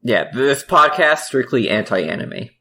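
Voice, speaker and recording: A man's voice: medium pitch, very animated, measured pace, pushed and bright. A man co-hosting a casual gaming podcast, easygoing and chatty, enthusiastic about what he plays. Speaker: podcast co-host.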